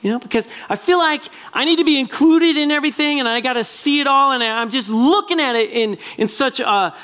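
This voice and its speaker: A man preaching a sermon as pastor, animated and acting out little quoted voices as he talks. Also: very high voice, brisk, smooth.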